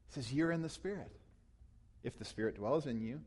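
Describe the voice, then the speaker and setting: A man preaching a sermon as pastor, teaching closely from scripture, rising to loud emphatic peaks and falling back to quiet, low passages. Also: brisk. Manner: teaching tone, explains grammar of scripture.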